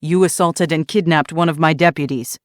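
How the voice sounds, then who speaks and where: A woman's voice: low-pitched, steady tone, normal speed, no room sound, studio quality, lightly acted. A woman narrator voicing a stern, commanding male undersheriff who gives firm, authoritative orders.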